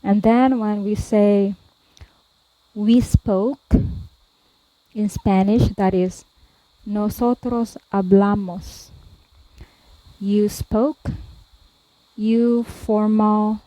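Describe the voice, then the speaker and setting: A woman tutor slowly explaining verb forms, pausing often and repeating each one. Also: medium pitch, steady tone, mellow, dry recording, rough recording. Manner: deliberate, repeats each form, frequent "um" and "okay". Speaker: language tutor. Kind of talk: slow explanatory lesson.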